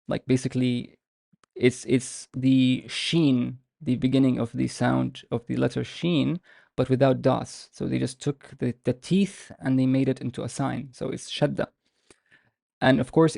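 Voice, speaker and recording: A man's voice: medium pitch, gravelly, darkish tone, no echo, clean studio sound. A man giving an online language lesson, explaining patiently and stretching out example words to show the sounds. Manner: explanatory, with frequent restarts and drawn-out example words. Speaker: language teacher.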